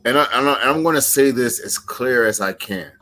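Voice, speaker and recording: A pro wrestler cutting an intense, rhythmic wrestling promo, threatening and deliberate. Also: male voice, mid-range voice, pushed and bright.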